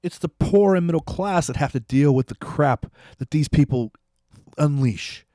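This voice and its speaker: A man's voice: on the high side, expressive, normal speed, mellow, no room sound, studio quality. A man hosting a political commentary, ranting angrily and repeating himself as he dares his listeners to respond. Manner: angry, ranting, repetitive, challenging viewers.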